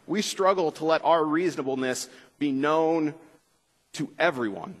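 A male pastor teaching a Bible class, relaxed and conversational with many fillers, slowing down when reading scripture. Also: a little high. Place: school gym with bleachers. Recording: long reverb of a gym.

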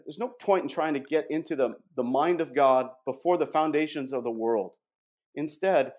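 A man giving a measured, emphatic theological explanation and reading passages aloud. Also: a little high, darkish tone. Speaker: guest presenting doctrine. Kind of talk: explanatory theological talk with read quotations.

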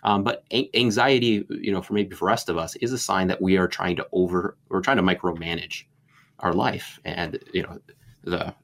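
Deep-voiced pastor, reflective and rambling. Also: male voice, fairly bright tone. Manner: reflective, meandering with many fillers. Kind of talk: conversational Bible discussion.

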